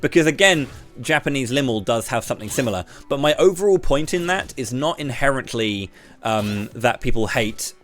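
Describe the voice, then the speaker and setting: A British man with a slight lisp, streaming live and ranting to his chat while throwing quick questions at viewers. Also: mid-range voice, lively intonation, fairly bright tone, soft background music. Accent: British English. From Britain. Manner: ranty, talks straight to chat with quick questions.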